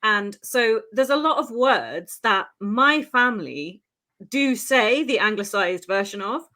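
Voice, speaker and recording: A woman's voice: fairly high pitch, lively intonation, unhurried, bright, forceful tone. A woman, co-hosting a podcast in casual chat, talking freely and laughing often. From United Kingdom. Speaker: podcast co-host.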